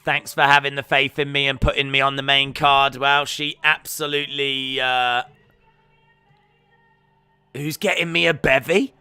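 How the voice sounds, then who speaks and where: Male streamer, excitable reactor, slow-spoken between outbursts, bright tone. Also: medium pitch, smooth, faint music behind. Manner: excitable, shouting and exclaiming in bursts. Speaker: live stream watch-along host. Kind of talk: live fight reaction commentary.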